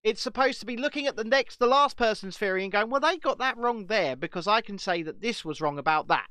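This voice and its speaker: British male co-host, high-pitched, animated storyteller, dry close sound. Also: fast talker, clear, resonant tone, no room sound. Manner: animated, laughs at own stories. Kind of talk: casual chat.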